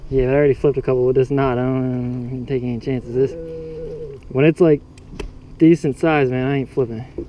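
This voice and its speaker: A man hosting a fishing vlog from a boat, casual and excitable, hollering when he lands a fish. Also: medium pitch, a little fast, highs cut off. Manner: excitable, hollers over catches. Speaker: fishing vlogger. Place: outdoors on a small fishing boat. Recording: noisy outdoor boat audio.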